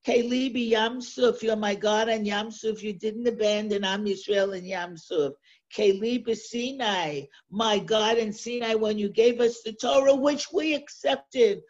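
A husky-voiced woman teaches a class on a sacred text, speaking slowly and with care. She reads each verse in the original and then explains it line by line. The recording is dull and lo-fi. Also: fairly high pitch. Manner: reads Hebrew verses then translates them, slow and deliberate. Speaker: Torah teacher. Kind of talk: text-study lesson.

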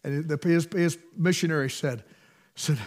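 A man, preaching a sermon through folksy stories, emphatic and swinging between loud bursts and hushed asides. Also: a little high, normal speed. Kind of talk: storytelling sermon.

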